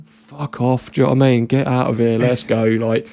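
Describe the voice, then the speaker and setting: A man's voice: mid-range voice, level tone, quick pace, gravelly, dark tone, dry recording. A man with a British accent, a podcast guest telling rambling, laddish stories full of slang and swearing. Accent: British English. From Britain. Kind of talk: casual storytelling chat.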